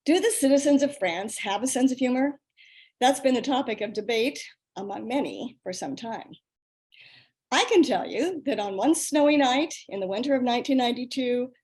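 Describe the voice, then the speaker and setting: An older woman reading her own personal story aloud over a video call, in a lively, self-mocking storytelling manner. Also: a little high.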